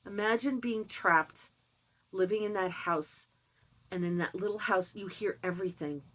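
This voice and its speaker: An older woman telling a personal story in a casual, candid way, with animated asides and laughs. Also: medium pitch, moderate pace, poor audio. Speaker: vlogger sharing personal experience.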